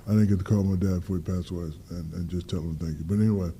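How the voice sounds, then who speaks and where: Deep-voiced man telling animated stories. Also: fast, breathy edge. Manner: animated storyteller, acts out dialogue, swears freely. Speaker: guest athlete. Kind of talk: casual storytelling interview.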